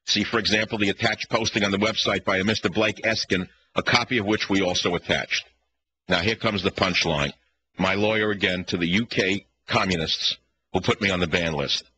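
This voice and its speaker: A combative male talk radio host with a thick Bronx accent, ranting through a monologue and firing rhetorical questions at his listeners. His voice sits fairly low but comes across forceful and edgy. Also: moderate pace, slight background noise, rough recording. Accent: New York (Bronx). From the Bronx, New York.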